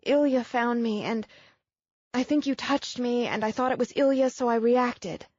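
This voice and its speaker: Frantic young woman, high and breathless, as a woman reader puts her on, dry lo-fi sound. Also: a little mellow, no room sound, close to an everyday voice. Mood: apologetic. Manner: breathless, apologetic, rapid. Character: frightened, guilt-struck young woman, precise and clinical.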